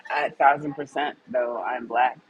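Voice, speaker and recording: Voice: medium pitch, fairly even intonation, measured pace, breathy edge, highs cut off. A co-host telling a story in casual conversation, chatty, laughing often and acting out dialogue.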